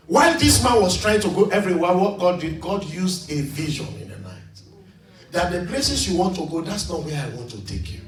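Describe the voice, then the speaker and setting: A middle-aged man from Leone, preaching a sermon, swinging from quiet storytelling to shouted calls to the congregation. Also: high voice, very animated, a little fast. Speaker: pastor. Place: church hall, in front of a congregation. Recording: echoey church hall from far off.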